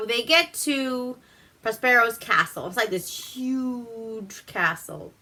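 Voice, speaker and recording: A woman's voice: a little high, animated, slow, sharp tone, slight background noise. A woman hosting a casual vlog, recapping a movie in a chatty, profane way. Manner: profane, chatty, acts out quotes. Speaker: vlog host reviewing a movie.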